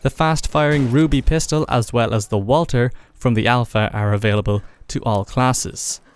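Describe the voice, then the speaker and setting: A man's voice: mid-range voice, moderate pace, clean tone. A man narrating a gameplay video in a casual, enthusiastic commentary voice-over. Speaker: gaming video creator.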